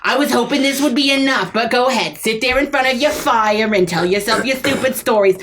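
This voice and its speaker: A woman voicing a grumbling, put-upon snake wife who scolds her husband in a rapid rant. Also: a little high, fairly bright tone, slight background noise, pitched above the performer's own voice, lightly acted. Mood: irritated.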